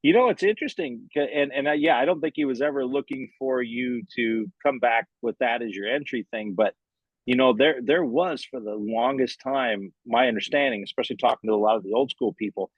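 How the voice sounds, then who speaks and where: A man hosting a podcast, chatting in a relaxed way during an interview. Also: mid-range voice, fairly quick, breathy edge, no echo, dull audio. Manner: relaxed, frequent short backchannels. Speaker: podcast host. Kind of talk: interview conversation.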